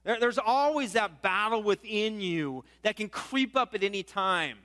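A man preaches a sermon in a high, bright voice. He keeps it conversational, asking questions and acting out what his listeners might say. His voice rings out with a long reverb, as in a large hall. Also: animated, unhurried. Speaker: pastor.

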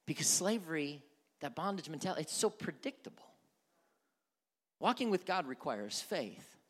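A man preaching a sermon from the pulpit, his voice swinging widely up and down in pitch. He moves from dramatic, animated bursts to hushed near-whispers. A long church reverb trails every phrase. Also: normal speed. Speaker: pastor. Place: church sanctuary.

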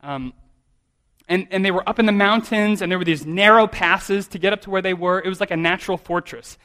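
A man's voice: high-pitched, a little fast, bright, forceful tone. Conversational man preaching a sermon. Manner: conversational, self-deprecating, many restarts. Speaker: pastor.

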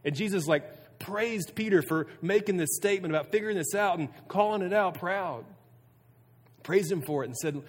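A youth pastor giving a casual sermon to students, earnest and conversational, often restarting sentences. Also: male voice, high-pitched, moderate pace. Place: room with a student audience. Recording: long reverb of a hall.

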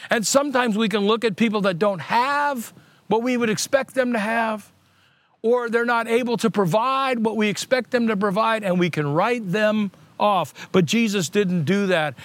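A middle-aged man preaching a sermon with an unusually high voice. He is earnest and deliberately repeats his points for emphasis, and the sound is close and dry, with no room echo. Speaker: pastor.

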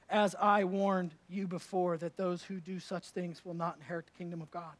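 High-voiced man preaching with emphatic swings. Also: level tone, moderate pace, hardly any pauses. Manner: emphatic and conversational, swinging from loud to soft. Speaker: pastor. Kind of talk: sermon. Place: church service.

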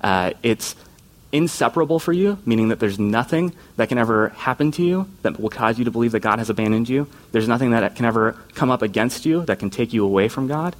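A man's voice: medium pitch, animated, brisk. A man preaching a conversational sermon as a youth pastor, earnest and informal, often slipping into quoted voices.

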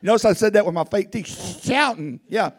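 A man preaching a sermon outdoors in a folksy, animated way with casual grammar. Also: high voice, fast talker. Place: outdoors, wind blowing.

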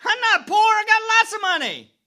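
A man voicing smug, complacent, wealthy churchgoers in a high, mocking, indignant tone. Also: animated, normal speed, sharp tone, heavily acted. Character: smug self-satisfied rich churchgoers, complacent.

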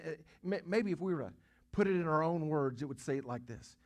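A pastor delivers a sermon in a somewhat high male voice. He keeps putting questions to the congregation and restarts phrases as he thinks aloud. He builds to emphatic, drawn-out peaks before easing back. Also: animated. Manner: repeats and restarts words while preaching.

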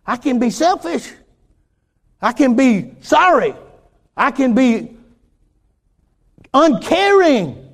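An older man preaching a folksy sermon, restarting phrases and swinging from quiet asides to louder points. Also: very high-pitched, creaky.

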